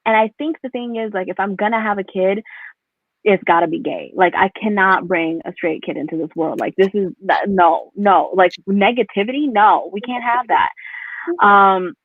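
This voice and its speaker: Young New comic, rambling and giggly, over a tinny video-call line. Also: female voice, mid-range voice, moderate pace, no echo. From New York. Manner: rambling, filler-heavy, laughs at own jokes. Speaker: stand-up comedian. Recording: tinny phone-like call audio, dry.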